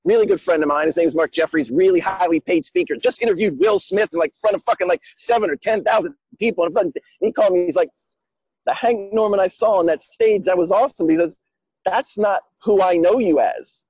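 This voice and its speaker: A man's voice: high voice, expressive, a little fast, a little mellow, breathy edge, no echo, dull audio. A man telling a story in a loose, heavily profane, emphatic way. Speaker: guest speaker. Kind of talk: casual conversation.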